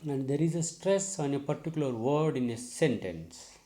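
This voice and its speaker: A middle-aged man from South India with an Indian English accent, teaching a recorded lecture slowly and deliberately, repeating key terms and checking "okay?". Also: medium pitch, expressive, warm tone. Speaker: English professor.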